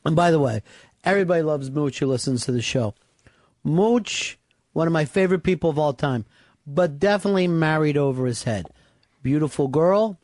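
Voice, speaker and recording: A man's voice: on the high side, darkish tone, no room sound, clean studio sound. A man hosting a radio talk show, bossy and brash, swearing freely as he plans a stunt. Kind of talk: casual radio banter.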